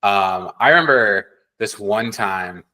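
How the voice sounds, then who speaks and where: A man's voice: lowish voice, slow, bright, forceful tone, rough recording. A young man from the Chicago area co-hosting a podcast, telling stories candidly and acting out other people's lines. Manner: earnest, candid storyteller who acts out voices. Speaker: podcast co-host. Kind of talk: casual chat.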